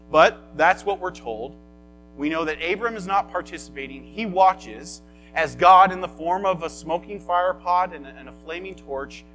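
A man preaching a sermon and leading a prayer, earnest, swinging from soft, low phrases to loud, high emphasis. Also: poor audio. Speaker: pastor.

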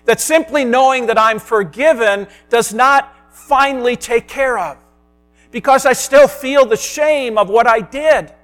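A man preaching a sermon as a pastor, earnest, sometimes dropping to a soft hush. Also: very high-pitched, unhurried, soft background music.

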